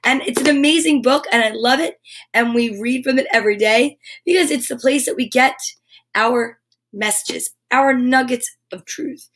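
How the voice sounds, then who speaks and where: A woman hosting a live storytime stream, chatting in a bubbly, animated way straight to her viewers. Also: fairly high pitch, normal speed. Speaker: host of a live storytime show.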